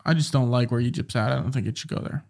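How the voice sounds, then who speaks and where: A man's voice: mid-range voice, quick pace, creaky, a little mellow. A young man co-hosting a casual podcast who rambles through jokes and imagined scenes. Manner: joking, rambling storyteller with mild swearing. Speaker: podcast co-host.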